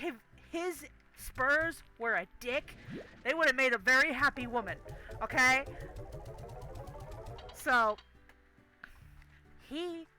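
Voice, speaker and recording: Bright, forceful woman streamer swearing emphatically. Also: fairly high pitch. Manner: profane, emphatic, keeps asking "okay?". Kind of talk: casual solo storytelling during a game stream.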